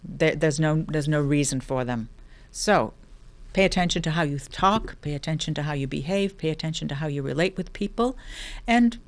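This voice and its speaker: A woman's voice: low-pitched, expressive, moderate pace. A middle-aged woman hosting a lifestyle talk, speaking casually with many restarts and playful asides. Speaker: host of a lifestyle show. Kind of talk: casual spoken talk on self-help.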